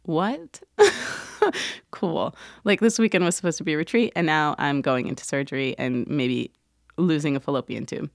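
A woman with a fairly low voice tells a personal story straight to her listeners. She is animated, slipping into other people's voices as she goes. The sound is close and dry. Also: brisk, dry recording. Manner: animated, acts out quoted voices, laughs often. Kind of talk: casual storytelling monologue.

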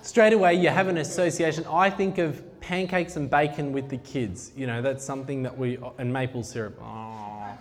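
A man's voice: medium pitch, steady tone, moderate pace, hardly any pauses. A man preaching a sermon in a conversational, jokey way that turns heartfelt and intense. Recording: long reverb of a large hall.

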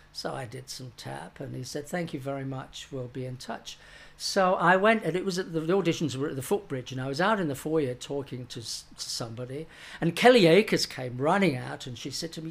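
A man's voice: on the high side, expressive, normal speed, gravelly. An older man, a stage actor, tells an anecdote in an interview and acts out the voices of the people he quotes. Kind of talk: anecdotal storytelling.

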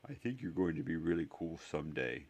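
A timid young boy, easily frightened and quietly hurt, speaking in a thin, wavering little voice, as a man puts him on while reading. Soft and low-set, from a storybook reading. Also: sing-song, fairly quick, breathy edge, exaggerated voice. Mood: wounded.

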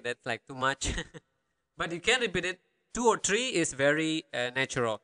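A man teaching a language lesson, patiently repeating each word slowly for learners. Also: fairly high pitch, animated, bright, forceful tone, clear, resonant tone. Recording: long hall reverb.

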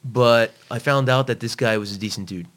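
A man's voice: mid-range voice, a little fast. A man, a fitness trainer, talking bluntly and profanely in a casual chat, acting out what he tells clients. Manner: blunt, profane, animated when quoting others.

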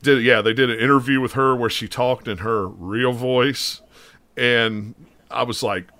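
A man's voice: medium pitch, steady tone, unhurried, pushed and bright, dry recording. A man hosting a casual podcast chat, talking in a stop-start, rambling way with lots of restarts. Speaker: podcast host.

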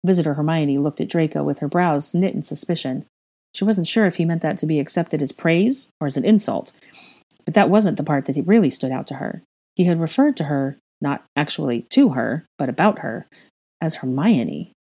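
A woman narrating a fan fiction audiobook in a steady, even storytelling manner. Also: low voice, moderate pace.

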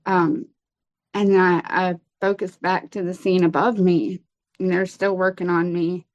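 Brief: woman guest, lower voice, hesitant testimony, dry lo-fi recording. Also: flat delivery, no echo. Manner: halting, many fillers and restarts. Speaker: guest telling her story. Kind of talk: personal testimony in an interview. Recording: dull lo-fi sound.

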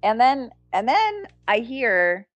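A woman telling an anecdote as an interview guest, laughing often and jumping into higher voices for the people she quotes. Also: slow, no echo, dull audio. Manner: animated, acts out quoted voices with a jump in pitch. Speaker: guest, street performer and entertainer. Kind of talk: storytelling anecdote in conversation.

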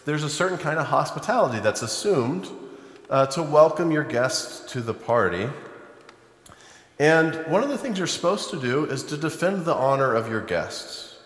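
A man's voice: on the high side, moderate pace. Conversational male preacher in an echoey hall. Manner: conversational storytelling, animated when quoting. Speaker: pastor. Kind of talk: sermon. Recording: echoey hall, long reverb.

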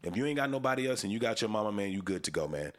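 A man's voice: on the low side, lively intonation, very fast. A young man hosting a podcast, chatting casually with loose profane storytelling. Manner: profane, laid-back storytelling. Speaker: podcast host.

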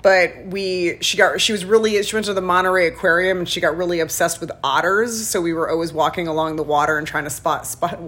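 A woman's voice: lowish voice, fairly even intonation, fairly quick, hardly any pauses, fairly bright tone. A woman in casual chat, telling a rambling story full of restarts and "like".

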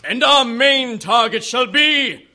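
A man's voice: very high-pitched, animated, takes it slowly, bright, forceful tone, exaggerated voice. An actor playing a grandiose, pompous alien cult lord speaking through a man's body, in an audio drama. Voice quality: pompous, theatrical.

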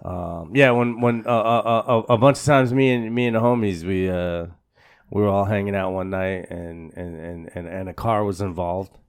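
A man's voice: low-pitched, moderate pace, clean tone. Rambling, slangy man telling a story. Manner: rambling, repeats words and restarts often; slangy and profane, says "bro" a lot. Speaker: podcast co-host. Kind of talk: casual storytelling chat.

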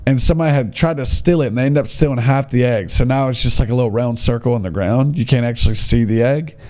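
A man's voice: medium pitch, quick pace, warm tone. A young man, telling a comic story in a rambling way, full of fillers and restarts. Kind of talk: casual comedic storytelling.

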